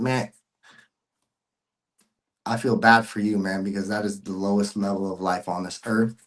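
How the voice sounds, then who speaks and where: A man's voice: lowish voice, fairly even intonation, moderate pace, long pauses. Earnest slangy man giving testimony. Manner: earnest, emotional, repeats himself, slangy. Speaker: podcast guest. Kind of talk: personal testimony, casual chat.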